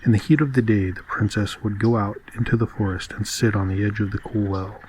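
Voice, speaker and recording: A man reading a fairy tale aloud in calm, measured scripted narration. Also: on the low side, noisy background. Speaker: audiobook reader.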